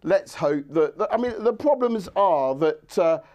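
Mocking man with a lively voice. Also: high-pitched, unhurried. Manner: mocking, dismissive of his opponent. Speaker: debate guest, journalist. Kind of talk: heated TV debate argument.

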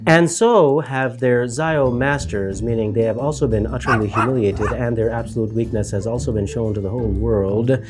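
A man's voice: medium pitch, moderate pace, hardly any pauses, music in the background. A man giving a rambling, casual monologue commentary, full of fillers and mocking asides. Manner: rambling, heavy with fillers, mocking put-on voices. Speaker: political commentator.

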